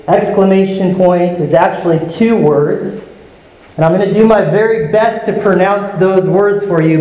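A man's voice: a little high, dark tone. A man preaching a teaching sermon, explaining scripture and asking his congregation questions. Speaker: pastor teaching a Bible study. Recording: echoey hall with faint ambience.

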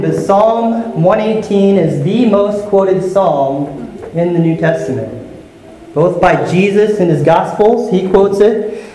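A man's voice: high-pitched, dark tone, slight background noise. A man preaching a teaching sermon, explaining scripture and asking his congregation questions. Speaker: pastor teaching a Bible study. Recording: echoey hall with faint ambience.

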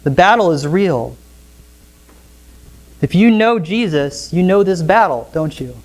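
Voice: mid-range voice, expressive, unhurried, darkish tone. A pastor preaching an expository sermon in church, often asking the congregation rhetorical questions.

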